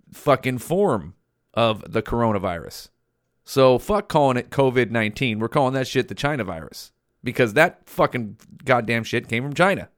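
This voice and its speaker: A man's voice: mid-range voice, clean tone, no room sound, clean studio sound. Profane ranting male podcast host. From California. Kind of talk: casual solo podcast rant.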